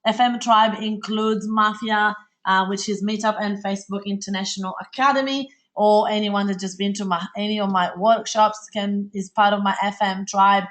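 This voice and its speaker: A woman from Italy with an Italian accent, hosting a live webinar in a fast, bubbly, chatty way with many fillers. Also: mid-range voice, steady tone, a bit bright. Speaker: webinar host.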